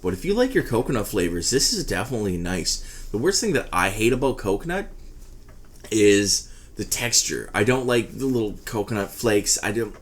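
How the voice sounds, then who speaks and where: A man's voice: on the low side, expressive, moderate pace. A man giving a rambling, casual product review, swearing freely as he talks. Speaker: e-liquid reviewer.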